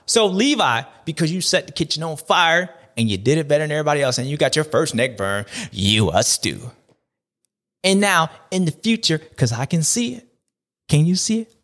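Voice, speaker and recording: Hosting a supercross recap show, a man delivers animated casual commentary full of playful slang and repeated catchphrases. His voice sits a little high, with a bit of brightness, an animated manner, and a normal speaking speed.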